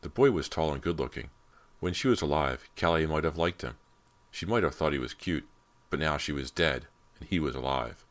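Very deep-voiced male narrator. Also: lively intonation, normal speed, a bit bright. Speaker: audiobook narrator. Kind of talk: scripted narration.

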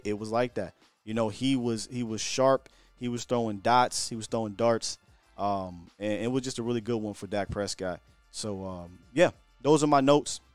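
A man hosting a live sports stream talks in an animated run, circling back and repeating himself as he works through a point. His voice is smooth and full. The sound is dry and close, with faint music behind. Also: mid-range voice, no room sound. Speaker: sports show host. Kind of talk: casual live-stream chat. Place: hotel room.

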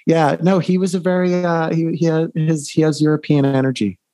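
A man from New York telling tour stories in a casual, animated chat, swearing and laughing as he goes. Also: a little high, a little fast, no room sound. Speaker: musician guest.

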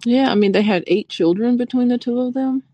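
A woman's voice: on the high side, brisk, mellow, dry recording, muffled recording. A woman co-hosting a casual live-stream chat as a relationship therapist, thoughtful and hesitant, with fillers.

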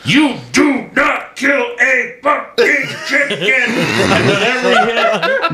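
A man's voice: high-pitched, reverberant. A man co-hosting a podcast, telling a funny story in casual, profane chat. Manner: profane, animated storyteller who laughs often. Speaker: podcast co-host.

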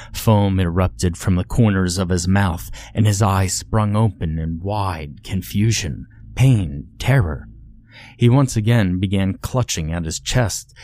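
A man with a very deep voice reads a horror story aloud in a measured, grim way. He delivers the narration steadily and deliberately, giving each line a dark weight.

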